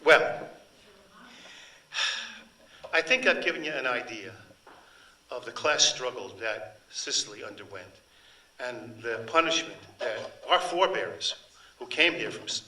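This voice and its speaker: A man's voice: mid-range voice, expressive, normal speed, long pauses, sharp tone, roomy sound, poor audio. An older man, a translator giving a book talk, speaking in a chatty, digressive way about the text. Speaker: author and translator presenting his book. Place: event hall.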